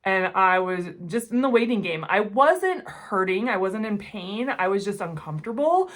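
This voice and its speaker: A woman in her forties telling a personal story to the camera, earnest and emotional, often speaking quietly. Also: mid-range voice, lively intonation, moderate pace. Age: 40s. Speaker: jewelry-making channel host.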